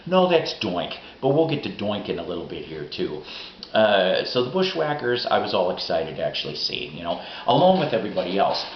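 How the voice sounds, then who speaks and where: A middle-aged man with a lowish voice tells old stories in a rambling, excitable way, swearing as he goes. The sound is dull and lo-fi, with a roomy echo and a faint hiss underneath. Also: a little fast. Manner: rambling, profane, excitable storytelling. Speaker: vlogger. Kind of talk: casual storytelling monologue.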